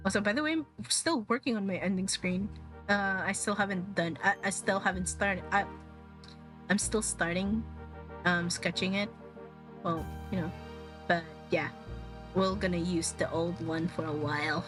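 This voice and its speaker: A woman's voice: on the low side, normal speed, music in the background. A young woman from the Philippines chatting casually on her stream, rambling, swearing a lot and laughing often. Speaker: VTuber streamer.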